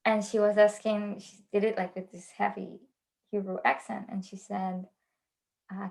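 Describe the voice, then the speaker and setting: A woman's voice: mid-range voice, flat delivery, normal speed, gravelly, darkish tone. A woman chatting as a guest on a video call, giggly and rambling as she tells stories. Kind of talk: casual video chat.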